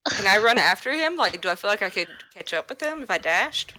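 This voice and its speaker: Animated, bright woman player. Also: medium pitch, fairly quick. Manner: playful and animated. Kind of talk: casual chat during a tabletop game.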